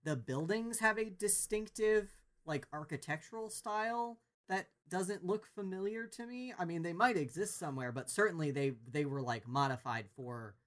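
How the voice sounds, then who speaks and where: Brief: thoughtful co-host who rambles as they think, everyday mid-pitched voice. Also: moderate pace, few pauses. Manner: thoughtful, rambling, many fillers. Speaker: podcast co-host. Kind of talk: casual chat.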